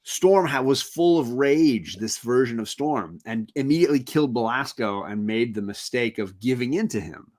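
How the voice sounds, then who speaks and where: A man's voice: mid-range voice, animated, normal speed, hardly any pauses, darkish tone. A man with a mid-range voice hosts a live stream about comic books. He is casual and enthusiastic, often checking in with his co-host by tagging "right?" onto his points. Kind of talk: casual comic book discussion.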